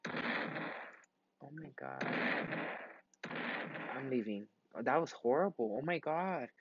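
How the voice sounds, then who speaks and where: A man's voice: medium pitch, big pitch swings, highs cut off, noisy background. Tired young man rambling over a game. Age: 20s. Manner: rambling, swears a lot, quick outbursts. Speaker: gaming vlogger. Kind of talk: casual gameplay commentary.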